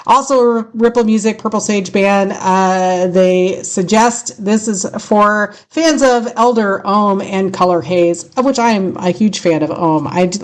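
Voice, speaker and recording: A woman with a California accent hosting a rock radio show, chatty and self-deprecating, laughing often and tripping over her words. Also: medium pitch. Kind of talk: casual rambling show hosting.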